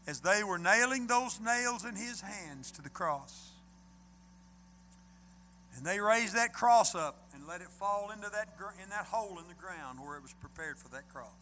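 A man preaching a sermon in a church, swinging from loud to hushed. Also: high-pitched, moderate pace, a little hiss or hum. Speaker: pastor. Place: church sanctuary.

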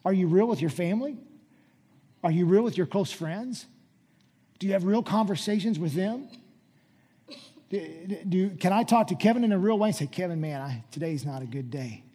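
A man preaching a sermon as pastor, reading scripture quietly and then rising to loud, urgent exhortation. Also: high-pitched, moderate pace, pauses often, husky.

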